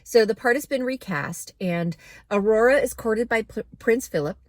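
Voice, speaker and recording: A woman's voice: fairly high pitch, animated, moderate pace, no room sound. A woman giving a casual, candid movie review to camera, chatty with plenty of fillers.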